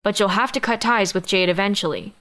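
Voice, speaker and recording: Audiobook: stern, lecturing young brother, read by a woman, mid-pitched and steady. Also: a little fast, natural voice. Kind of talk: audiobook character reading.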